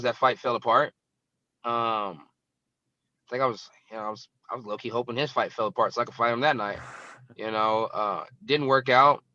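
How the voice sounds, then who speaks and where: A young male fighter rambles through an interview with blunt, hostile trash talk and lots of fillers. His tone is bright and edgy. The recording is dull, lo-fi and dry. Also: mid-range voice, no echo. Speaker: professional fighter. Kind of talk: casual interview answers.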